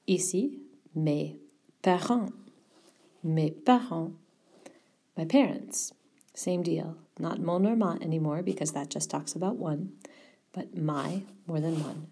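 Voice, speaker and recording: A woman teaching a French vocabulary lesson, mixing English explanations with slow, carefully pronounced French words. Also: deep voice, warm tone, breathy edge.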